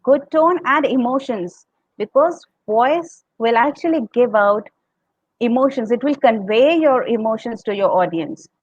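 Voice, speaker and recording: A woman's voice: on the high side, animated, unhurried, a little mellow, slightly rough, dry recording, highs cut off. A woman with an Indian accent on a podcast, explaining public speaking tips and acting out sample tones. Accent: Indian English. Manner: explanatory, demonstrates tones, laughs often.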